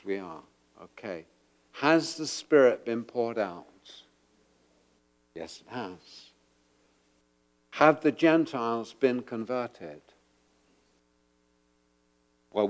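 A man preaching a sermon to a congregation, moving from quiet asides to loud, emphatic rhetorical questions. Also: medium pitch. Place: church before a congregation.

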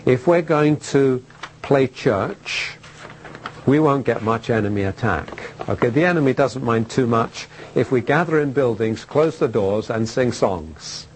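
A male preacher delivering a sermon with a voice of ordinary, middle pitch. He speaks emphatically, leans on repetition and rhetorical questions, and pauses between phrases. A faint hiss sits under the voice. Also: poor audio.

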